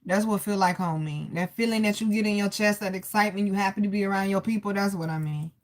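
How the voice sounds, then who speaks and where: A woman giving a casual live tarot reading, chatty and animated, calling listeners baby and greeting viewers. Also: mid-range voice, quick pace. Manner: loose and animated, laughs and greets chat viewers. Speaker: tarot reader.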